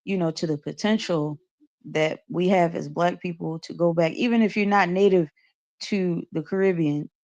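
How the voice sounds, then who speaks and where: Low-voiced woman on a panel. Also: moderate pace, a little mellow, no room sound, dull audio. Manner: conversational, with many fillers, earnest. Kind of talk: casual livestream panel chat.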